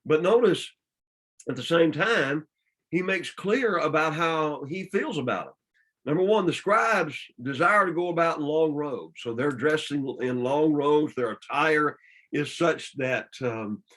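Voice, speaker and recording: A man's voice: on the high side, fairly bright tone, poor audio. A man teaching a church Bible study, explaining scripture plainly with frequent restarts and repeated words, with a Southern US accent.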